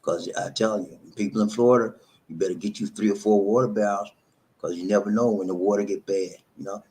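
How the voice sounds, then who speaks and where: A man hosting a casual livestream from his home, reading out viewer comments with loud call-outs and preachy advice. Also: lowish voice, fairly even intonation, brisk, rough recording. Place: home in the Philippines, green screen.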